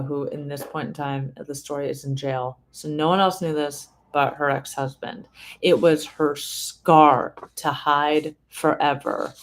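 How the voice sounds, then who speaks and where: A woman reading a family memoir aloud in a casual way, stopping often to comment and explain. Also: sits low. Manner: reads slowly, breaks off to comment and explain.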